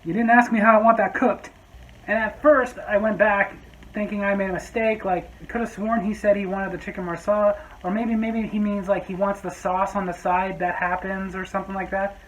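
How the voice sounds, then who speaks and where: A man's voice: high-pitched, flat delivery, fairly quick, poor audio. A man telling a story from his restaurant job in a vlog, with sarcastic, exasperated asides. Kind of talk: storytime monologue.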